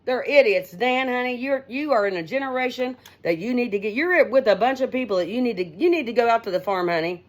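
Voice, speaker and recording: Fast and barely pausing, a middle-aged woman with a higher voice rambles through an unscripted monologue she hosts. She's outspoken and blunt, tossing out "honey" and "man," recorded on her own device's mic with no headset.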